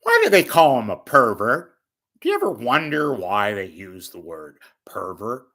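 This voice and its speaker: A man's voice: medium pitch, wildly swooping pitch, measured pace, sharp tone, exaggerated voice. A man doing an impression of an elderly male TV commentator who keeps musing aloud with wry "why do they" questions.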